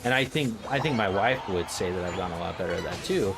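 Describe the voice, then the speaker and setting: A young man streamer in casual chat, rambling and excitable, laughing often. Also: deep voice, fast talker, creaky. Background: music.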